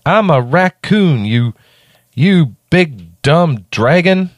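Guy doing a cranky little raccoon, high and snappy, slow drawn-out huffing. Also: expressive, dry recording, clean studio sound. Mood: indignant. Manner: indignant, snippy. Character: grumpy young raccoon, snappish.

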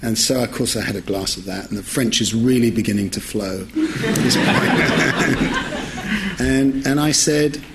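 A man's voice: mid-range voice, unhurried, over a noisy crowd, very noisy. Chatty middle-aged man telling a funny story. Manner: chatty, self-correcting, often laughing mid-story. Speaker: journalist. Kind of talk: humorous anecdote told to listeners.

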